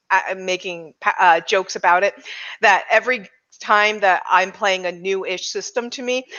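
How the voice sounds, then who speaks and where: A woman playing a tabletop game, chatty and quick to laugh. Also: mid-range voice, bright, forceful tone, dull audio. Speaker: player.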